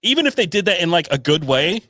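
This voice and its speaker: A man's voice: high voice, sing-song, fast, sharp tone, dry recording, clean studio sound. Man with a faint Southern accent. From Southern US farm town. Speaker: podcast co-host. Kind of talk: casual chat.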